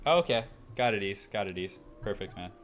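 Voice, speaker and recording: A man's voice: lowish voice, expressive, brisk. Young guy doing a nasal fake aussie accent on a game stream, rambly and upbeat, music going behind. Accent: put-on Australian. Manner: chatty, upbeat, rambling with fillers. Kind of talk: casual live-stream gameplay chat.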